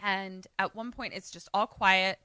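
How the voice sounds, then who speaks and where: Podcast co-host, female, lively storyteller who performs character lines; bright tone, dry booth sound. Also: medium pitch, measured pace, clear, resonant tone, no echo. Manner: animated retelling, acting out characters' lines. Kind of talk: casual film recap chat.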